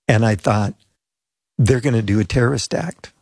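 An older man, a pastor, telling a lively personal story as an interview guest and acting out the voices of people he met. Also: medium pitch, normal speed, dry recording. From United States. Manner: chatty anecdotal storyteller, acts out quoted voices.

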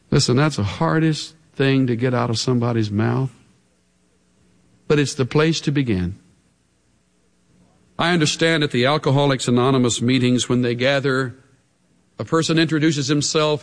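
A male preacher giving an emphatic, dramatic sermon. He drops to hushed tones at times. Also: mid-range voice, measured pace, in a large hall.

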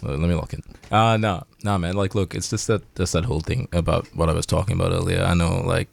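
A man's voice: deep voice, fairly even intonation, fast talker, creaky, dry recording. A man guesting on a radio show as a band member, laid-back and sweary, full of restarts and "man". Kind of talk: casual radio interview chat. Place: radio studio.

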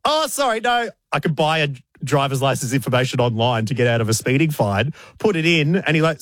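A man's voice: on the high side, very animated, brisk, hardly any pauses, fairly bright tone, no echo, clean studio sound. A man, co-hosting casual banter, telling wry stories and mimicking others. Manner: wry storytelling, mock voices in quotes. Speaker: radio co-host.

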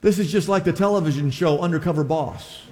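A man's voice: on the high side, a little fast, darkish tone. A man preaching a sermon to his congregation, telling a scripture story with stammered restarts and asides to the listeners. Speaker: pastor. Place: church sanctuary. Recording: long reverb of a large church hall.

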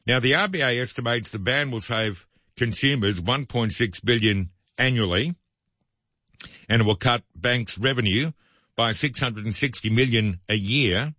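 A man's voice: mid-range voice, moderate pace, a bit bright, no echo, dull audio. A man hosting talk radio, reading news items and adding sardonic, opinionated asides. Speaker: radio host.

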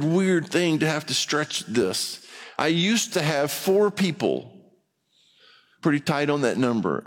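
A man's voice: a little high, creaky. Guy preaching in church, chatty, acts out voices, long hall echo. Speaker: pastor. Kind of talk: sermon.

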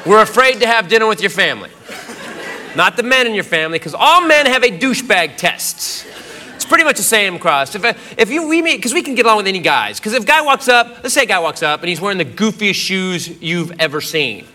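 A man doing a stand-up routine, ranting loudly in mock exasperation. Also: sits high, sing-song, a little fast. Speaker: stand-up comedian. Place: comedy stage. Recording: live show with audience laughter and noise.

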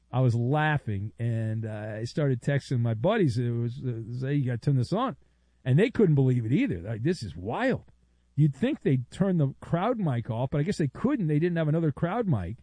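A man's voice: fairly high pitch, no echo. A man hosting a sports talk radio show, chatty and opinionated, telling stories and arguing with callers. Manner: chatty, opinionated, animated storytelling.

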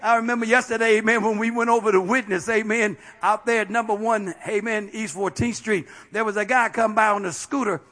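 A man preaching a sermon as a bishop, with fiery call-and-response delivery that breaks into shouts at its peaks. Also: high-pitched. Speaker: bishop and pastor.

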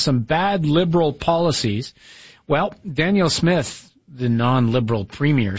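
A man's voice: mid-range voice, slightly rough, dry recording. A man hosting a talk radio show, chatting casually with his producer and reading listener texts, with musing, cynical asides. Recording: dry, slightly dull broadcast audio.

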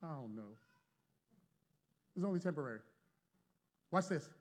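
Male pastor, higher-pitched voice, dramatic volume swings and call-and-response with the congregation. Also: animated, measured pace. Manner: call-and-response preaching with sudden swings from loud to hushed. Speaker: preacher. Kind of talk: sermon. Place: church before a congregation.

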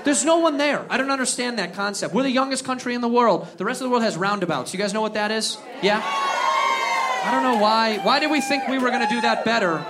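A young man doing a stand-up routine, animated and ranting, swearing and acting out voices. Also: very high voice, fairly quick. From United States. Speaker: stand-up comedian. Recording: live club with audience laughter. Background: crowd laughing.

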